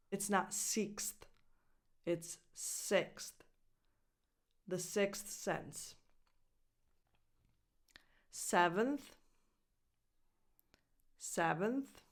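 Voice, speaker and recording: A woman whose first language is Italian, teaching English pronunciation as a coach and clearly modeling each word. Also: medium pitch. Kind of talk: pronunciation lesson.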